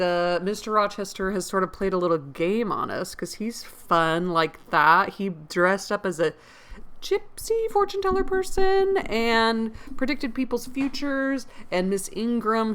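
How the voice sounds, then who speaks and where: An American woman chats casually as she sums up a novel for her listeners. Her voice sits a little low for a woman, and her opinions come out blunt and lively, with the odd mild swear word. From United States. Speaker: host and book reader. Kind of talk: casual chat recapping a novel.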